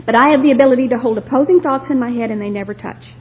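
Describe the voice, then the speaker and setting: At a recovery meeting, a Texas woman with a voice on the high side races through her personal story to a live audience, laughing frequently and keeping it funny. The recording is a lo-fi tape of a talk in a hall.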